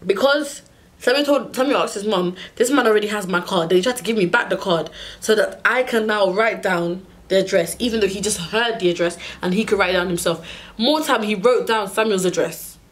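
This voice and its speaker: A young woman telling a storytime rant to her vlog audience, exasperated and animated, acting out the people she argued with. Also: medium pitch, a little fast. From United Kingdom. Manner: exasperated, animated retelling with acted-out dialogue. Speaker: vlogger.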